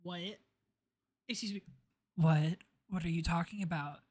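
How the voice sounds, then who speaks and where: A woman streamer giving loud, joking let's-play commentary, reacting to the story and mimicking the characters. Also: fairly low pitch, unhurried, slightly rough. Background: lo-fi background music.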